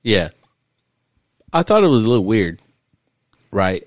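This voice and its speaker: A man's voice: on the low side, sing-song, unhurried, no room sound, studio quality. A man hosting a podcast, recapping a movie in casual, profane chat and laughing often. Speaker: podcast host. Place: studio.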